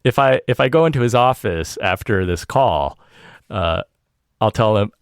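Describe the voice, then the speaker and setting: A man with a lowish voice that swings widely in pitch, chatting casually as a podcast host. He laughs often and acts out his family's lines. The recording is dry and close to the mic. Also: normal speed, clear, resonant tone, no room sound. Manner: animated, laughs often, quotes family members. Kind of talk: casual chat.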